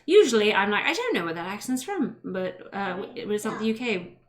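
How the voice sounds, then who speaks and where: A woman's voice: medium pitch, big pitch swings, a little fast. An American woman live streaming while cooking at home, chatting playfully and rambling in a put-on English accent. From United States.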